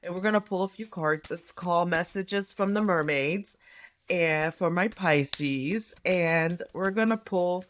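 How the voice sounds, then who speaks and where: A middle-aged woman, a tarot reader and nurse health coach, does a tarot reading in a fairly low, unhurried voice. She talks casually and rambles, with many fillers and restarts.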